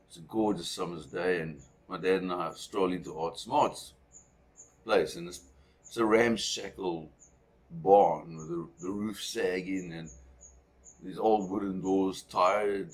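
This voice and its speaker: A man from South Africa telling a personal story in a rambling, conversational way with asides. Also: low-pitched.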